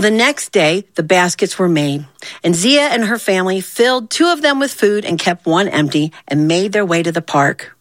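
Woman storyteller, folksy, animated, mid pitch, dry close sound. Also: no echo. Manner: animated, folksy, voicing characters.

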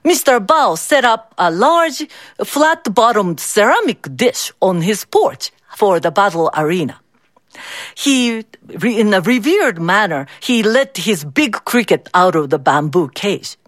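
A woman reading a folk tale aloud as a storybook, slowly and expressively. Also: medium pitch, dry recording, studio quality. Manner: slow, expressive, switches into character voices.

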